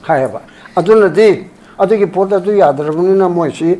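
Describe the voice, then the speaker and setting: An older man speaks in a rapid, emphatic flow during a political interview, his voice set a little high. Faint noise hums under the recording. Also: darkish tone. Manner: rapid, emphatic, quotes documents in English. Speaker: former human rights commission chairperson, interview guest.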